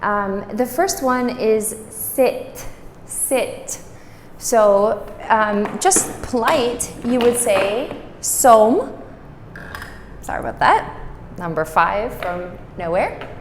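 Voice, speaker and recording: A woman gives a language lesson at an unhurried pace, repeating each word patiently for her learners. Her voice carries a long, roomy reverb, as if recorded from some distance in a classroom, with faint room noise behind her. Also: mid-range voice, lively intonation. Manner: patient, repeats words slowly for practice. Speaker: language teacher. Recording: roomy echo, distant mic.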